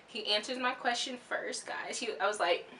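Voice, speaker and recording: A young woman telling a story to her vlog viewers in a rambling, excitable way, with lots of fillers and restarts. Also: fairly high pitch, normal speed, a little hiss or hum. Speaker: vlogger.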